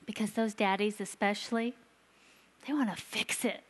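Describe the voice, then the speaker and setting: A woman giving a sermon to a church, telling stories earnestly and slowing down for emphasis. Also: medium pitch, fairly even intonation. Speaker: church children's ministry leader. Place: church sanctuary. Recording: long reverb of a large hall.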